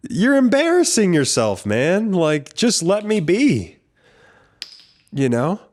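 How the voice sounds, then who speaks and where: A man's voice: sits high, huge pitch swings, takes it slowly, darkish tone. A man hosting a podcast, telling a travel story in a casual, rambling, profane way. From United States. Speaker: podcast host.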